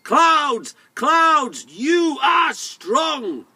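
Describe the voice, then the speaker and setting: A storyteller playing a lazy young boy who eagerly shouts at the things he thinks are strong. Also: on the high side, very animated, moderate pace, breathy edge, no room sound, voice pushed up, heavily acted. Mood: boastful calls.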